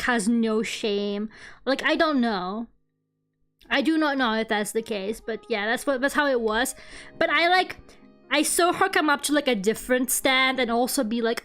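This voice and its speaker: A young woman streamer telling a story in a casual, animated rant, swearing and laughing along the way. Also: sits high. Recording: faint music behind.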